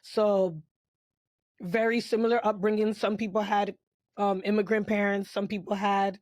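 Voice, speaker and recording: A young woman from Brooklyn co-hosting a relaxed podcast, telling her story with lively, slangy chatter. Her voice sits at an ordinary middle pitch. It is recorded dry and close, with no room sound around it. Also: moderate pace, no echo. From Brooklyn, New York. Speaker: podcast co-host. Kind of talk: casual podcast chat.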